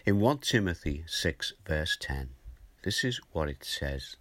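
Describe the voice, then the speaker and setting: An older male preacher with a very deep voice talks through a morning devotional in a gentle, conversational way. He explains scripture in plain terms. The sound is dry and close, with no room echo. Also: lively intonation, measured pace. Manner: gentle, conversational, chuckles now and then.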